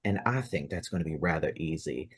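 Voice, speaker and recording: A man's voice: very deep voice, expressive, a little fast, breathy edge, no room sound, studio quality, pitched below the performer's own voice, heavily acted. A man doing a smug drawling cowboy gunslinger. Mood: menacing.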